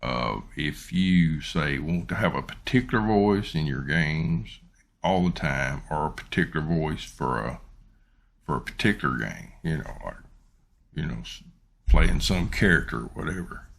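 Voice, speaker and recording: A man with a drawl talks through a product review in a deep, gravelly voice with a husky edge. He takes his time, wandering through his points with plenty of ums and uhs. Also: lively intonation, a bit bright. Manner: rambling and unhurried, many ums and uhs. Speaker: YouTuber reviewing his microphone. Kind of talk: casual unboxing and product review.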